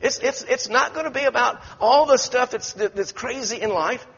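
In an echoey church hall captured with dull, lo-fi sound, a pastor preaches a sermon full of folksy stories and frequent restarts. His voice is very high-pitched, gravelly and slightly rough, with a fairly bright tone, delivered at a normal speed.

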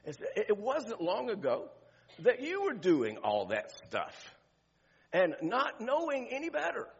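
An older man preaches in a high, gravelly voice that swings up and down a lot. He talks to his congregation in a conversational way, asking rhetorical questions and often restarting his sentences. The recording sounds dull and lo-fi. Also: huge pitch swings, a little slow. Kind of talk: sermon.

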